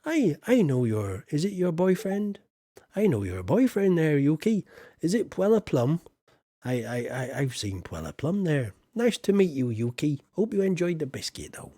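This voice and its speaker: A Yorkshire man streams a farming game and banters with his chat in a loose, joking way. His voice is gravelly with a husky, rough edge. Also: fairly high pitch, very animated, unhurried, warm tone, no room sound, clean studio sound. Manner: chatty, jokey, banters with chat, slips into put-on voices.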